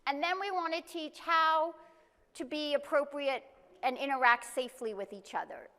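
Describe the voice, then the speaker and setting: A woman giving a live presentation to an audience, explaining things step by step and reading example statements aloud slowly. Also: sits high, sharp tone, in a large hall. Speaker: conference presenter. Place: conference room.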